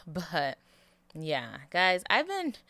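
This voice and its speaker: Young female podcast host, tired, rambling, low-pitched and bright, recorded dry and close from her bed. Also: expressive, moderate pace, clean tone, dry recording. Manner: chatty, rambling, laughs often. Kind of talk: casual solo podcast chat. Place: in bed at home. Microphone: handheld mic held close to mouth.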